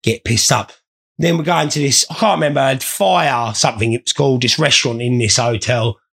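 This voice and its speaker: A man's voice: mid-range voice, a little fast, creaky, a bit bright, breathy edge. A man telling rambling, sweary comic anecdotes in a blokey way. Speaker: storyteller. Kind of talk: comic storytelling.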